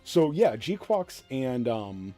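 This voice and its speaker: A man's voice: mid-range voice, big pitch swings, extremely slow, mellow, faint music behind. A man streaming a mobile game, talking bluntly in casual commentary, rambling with fillers and self-deprecating jokes. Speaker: gaming streamer.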